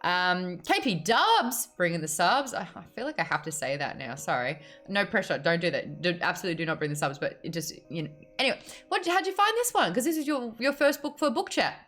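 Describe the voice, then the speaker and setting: A woman's voice: lowish voice, lively intonation, fast talker, hardly any pauses, fairly bright tone, soft background music. An Australian woman hosting a casual book chat on a video call, bubbly and chatty. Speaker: host.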